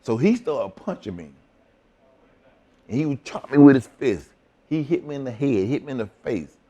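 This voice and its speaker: Animated, profane man telling wrestling stories. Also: mid-range voice, moderate pace. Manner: profane, animated storytelling with acted quotes. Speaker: interview guest, former wrestler. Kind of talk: shoot interview storytelling.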